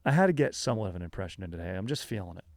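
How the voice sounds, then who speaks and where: A man hosting a comedy history podcast in a loose, rambling way, full of fillers and casual slang. His voice sits on the low side with a gravelly fry, and it sounds dry and close to the mic. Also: lively intonation, very fast, darkish tone, no echo.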